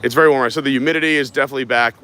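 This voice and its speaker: A man's voice: medium pitch, steady tone, racing, pushed and bright. Guy vlogging live walking around a park outside, jokey, average voice. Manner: joking, chatty, talks with food in his mouth at times. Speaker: vlog host. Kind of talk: casual live-stream chat. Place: outdoor theme park trail.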